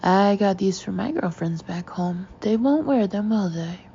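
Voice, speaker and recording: A woman voicing a husky, middle-aged shopper who talks in a rueful, chatty way. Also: medium pitch, animated, a little slow, warm tone, dull audio, a little hiss or hum.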